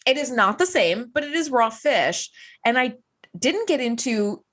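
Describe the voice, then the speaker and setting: A woman's voice: fairly high pitch, animated, unhurried, fairly bright tone. A woman co-hosting a casual podcast, chatting expressively and laughing readily while discussing a TV episode. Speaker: podcast co-host. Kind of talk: casual chat recapping an episode.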